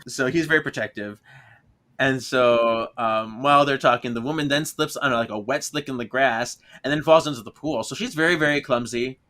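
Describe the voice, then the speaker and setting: A man's voice: medium pitch, moderate pace, pushed and bright. A man co-hosting a podcast, casually retelling an episode's plot and laughing often as he goes. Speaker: podcast co-host.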